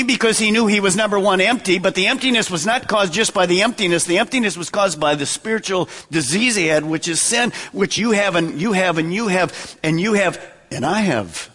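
A male pastor delivers a sermon in a high, bright, forceful voice. He preaches dramatically, dropping low and slowing down for emphasis, repeating words and firing questions at the congregation. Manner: dramatic preaching with wide swings in pitch and pace.

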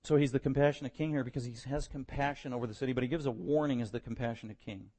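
A man preaching a sermon, moving between quiet verse-by-verse teaching and loud, impassioned stretches. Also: medium pitch, fairly even intonation, very fast, slightly rough.

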